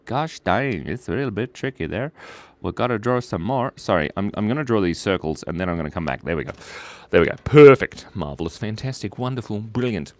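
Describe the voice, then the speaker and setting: A man's voice: low-pitched, expressive, fast, no echo. A man hosting a live drawing stream, playful and giggly as he chats with viewers while he draws. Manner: playful, giggly, silly asides. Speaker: animator hosting a drawing livestream.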